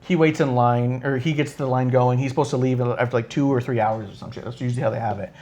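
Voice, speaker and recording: A man hosting a live podcast, talking at a middle pitch in loose, casual chat. He rambles through an anecdote, swears freely and slips into quoted dialogue with changing voices. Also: steady tone, quick pace, a little mellow. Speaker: podcast host.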